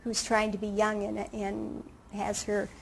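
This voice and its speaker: A woman in her late fifties, a surgery patient, talking casually in an interview with halting restarts. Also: medium pitch, monotone, vocal fry, husky, poor audio. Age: late 50s. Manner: conversational, hesitant restarts and fillers.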